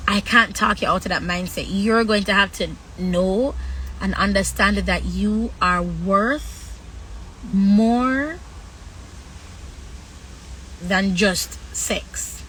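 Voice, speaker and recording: A woman talks candidly to her livestream viewers in a bright, sharp voice. She speaks frankly, stopping and restarting, and draws out her words with long pauses. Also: mid-range voice, a little hiss or hum, rough recording. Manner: frank, halting, drawn-out pauses. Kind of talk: candid personal talk.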